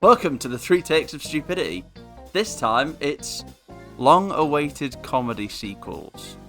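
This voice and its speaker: A man's voice: fairly high pitch, big pitch swings, a little slow, music in the background. A man hosting a casual comedy podcast, joking, swearing and laughing as he talks. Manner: jokey, sweary, laughs often. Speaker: podcast host.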